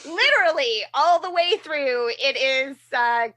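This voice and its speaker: A woman's voice: high-pitched, expressive, a little slow, bright, forceful tone. A woman co-hosting a podcast, chatting casually and rambling with lots of fillers. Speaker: podcast co-host. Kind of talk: casual chat.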